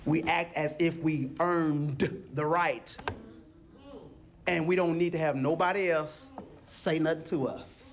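A slightly high, slow-speaking man preaches a sermon in a church sanctuary. Animated throughout, he acts out short scenes in different voices and leads the congregation in call-and-response.

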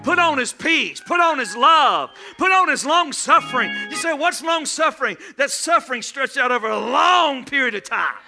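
A male pastor preaching a humorous sermon in church, shouting at times and calling for responses from the congregation. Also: extremely high pitch, animated, moderate pace, gravelly, hardly any pauses, faint music behind.

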